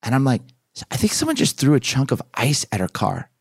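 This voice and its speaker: Animated man telling a story, dry sound. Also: mid-range voice, fairly quick, vocal fry, breathy edge, dry recording. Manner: animated storyteller who acts out his own past lines. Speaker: pastor and author, podcast guest. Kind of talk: storytelling in a podcast interview.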